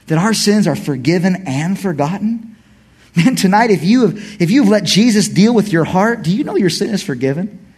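Male pastor, middle-aged, high voice, very lively pitch, preaching in church. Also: brisk, slightly rough. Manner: animated, swings from quiet asides to shouted emphasis. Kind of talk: sermon.

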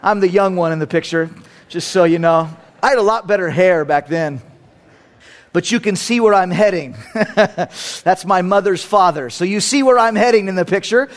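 High-voiced man preaching emphatically. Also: normal speed. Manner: emphatic, repeats phrases for effect. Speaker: pastor. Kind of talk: sermon.

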